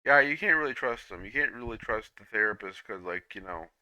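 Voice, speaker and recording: A young man rambling through a personal monologue, halting with frequent restarts and repeats, swearing freely, on a dull lo-fi recording. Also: on the low side, animated, sharp tone, no echo.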